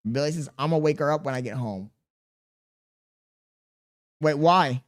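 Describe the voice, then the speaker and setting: Exasperated male streamer, higher voice. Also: measured pace. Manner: exasperated, defensive venting with slang. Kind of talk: live-stream chat reading.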